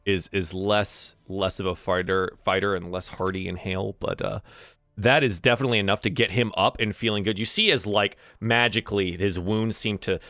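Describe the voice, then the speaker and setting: A man's voice: on the low side, fairly even intonation, moderate pace, a bit bright, dry recording, soft background music. Rambling male game master. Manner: rambling, many fillers and restarts. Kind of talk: narrating a tabletop game.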